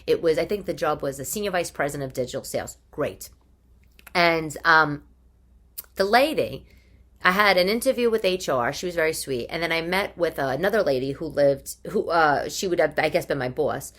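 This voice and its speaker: A woman's voice: deep voice, animated, normal speed, a bit bright. A woman in her forties with a strong New York accent, hosting a casual monologue podcast in a chatty, exasperated, wisecracking way. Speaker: podcast host. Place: living room.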